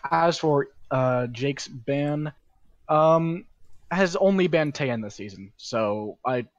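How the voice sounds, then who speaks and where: A male esports caster talking through stats live, pausing on "um" and "uh" and restarting his thoughts. His audio comes through dull and muffled, with a dry, close sound. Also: fairly high pitch, expressive, dry recording. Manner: filler-heavy, thinks aloud, restarts often. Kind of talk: live game commentary.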